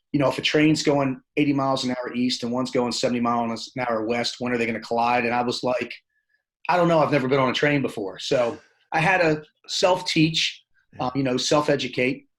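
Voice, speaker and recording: A podcast guest tells his own story in a casual storytelling interview, animated, plainspoken, and loose, with restarts as he acts out what the people in it said. His voice is medium-pitched, and the recording is low-quality.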